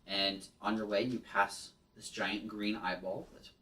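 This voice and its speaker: A man's voice: fairly low pitch, little pitch movement, a little slow, sharp tone, roomy sound, distant mic. A man narrating a tabletop game as game master, hesitant with many ums and restarts.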